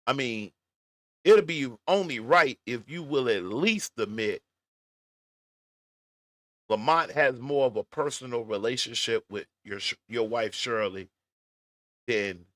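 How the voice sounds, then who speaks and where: A man's voice: medium pitch, a bit bright, dry recording. A man giving blunt, profane reaction commentary on a clip, mocking and riffing on what he watches. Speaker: commentary vlogger.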